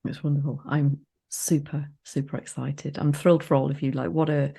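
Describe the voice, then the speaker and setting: A woman's voice: low voice, flat delivery, normal speed, gravelly, dark tone, breathy edge. A woman co-hosting a podcast, playful and enthusiastic in conversation. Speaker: podcast co-host.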